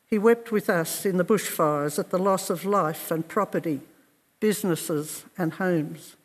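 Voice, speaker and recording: A man preaching a sermon in a slow, earnest and reflective way, with measured pauses. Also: sits high, long reverb tail.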